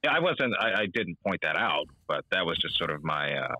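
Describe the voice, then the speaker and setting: A young man, a voice actor guest on an interview podcast, talking in an animated way and slipping into character voices. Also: deep voice, fairly quick, dry recording, low-quality recording. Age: young adult. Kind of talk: casual interview.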